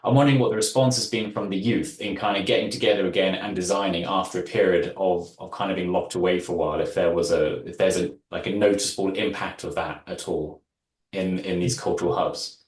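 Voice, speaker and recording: A man with a very deep voice asks a question at an online workshop. He searches for words as he phrases it. The sound echoes as if in a roomy space. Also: steady tone, fairly quick. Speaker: workshop participant.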